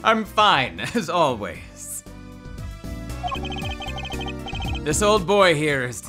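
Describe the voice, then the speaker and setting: A woman voicing a weary middle-aged male magician father in a lowered, subdued, apologetic voice while reading along in a video game. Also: sing-song, takes it slowly, heavily acted. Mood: reassuring. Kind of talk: playthrough voice acting. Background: game music.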